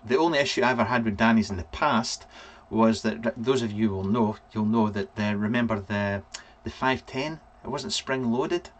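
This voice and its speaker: A man's voice: fairly low pitch, moderate pace, hardly any pauses. Scottish man rambling on a live stream. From Scotland. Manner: rambling, reads out viewer names with frequent ums. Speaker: vape reviewer and live vlog host. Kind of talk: casual live-stream chat.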